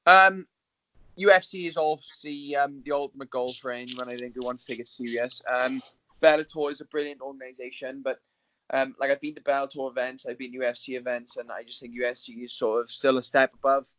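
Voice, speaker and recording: A man being interviewed as a guest in casual podcast chat, relaxed and pausing often with ums. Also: mid-range voice, rough recording. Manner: relaxed, hesitant with many ums. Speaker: guest, MMA fighter.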